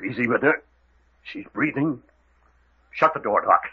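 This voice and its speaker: A man playing a brisk, level-headed detective leader in a 1940s radio drama, giving curt, commanding orders. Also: medium pitch, expressive, slightly rough, exaggerated voice. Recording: dull lo-fi old radio recording.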